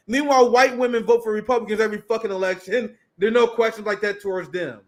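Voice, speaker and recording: A man's voice: high-pitched, fairly even intonation, quick pace. A man in his thirties co-hosting a political show, reading headlines aloud and mocking them with sardonic, profane asides. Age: 30s. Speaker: podcast co-host. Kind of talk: casual political commentary.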